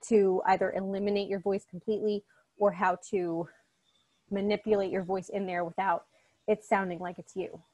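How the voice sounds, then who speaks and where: A woman, a college English instructor, giving a recorded online lecture in a casual, chatty way, often checking in with "okay?" and speaking directly and encouragingly to her students. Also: medium pitch.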